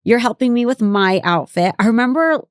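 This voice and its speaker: A woman's voice: on the high side, lively intonation, fairly quick, smooth, no room sound, clean studio sound. A woman co-hosting a podcast, chatting casually and bluntly, swearing now and then. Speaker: podcast co-host. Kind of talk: casual chat recapping a reality show.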